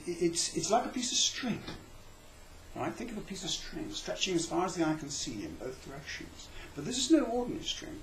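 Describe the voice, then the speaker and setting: Chatty comic lecturer, male, lively delivery in a roomy space. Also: fairly high pitch, vocal fry, a little hiss or hum. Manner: rambling, chatty, with self-interrupting repetitions.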